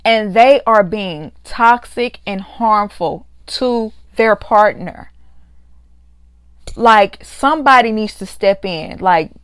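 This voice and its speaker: A woman, ranting in an exasperated and conversational way about a reality show. Her voice has a middling pitch and is recorded close and dry, with no room sound. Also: animated, takes it slowly, fairly bright tone, smooth, no room sound. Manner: exasperated, quotes others in mocking voices. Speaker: YouTube reality TV reviewer. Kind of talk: casual recap rant.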